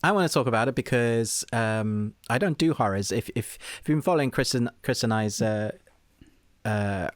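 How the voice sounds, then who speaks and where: A man's voice: medium pitch, animated, moderate pace, dry recording, studio quality. A man co-hosting a movie podcast in an easygoing, self-deprecating way. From United Kingdom. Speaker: co-host. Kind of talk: casual podcast chat.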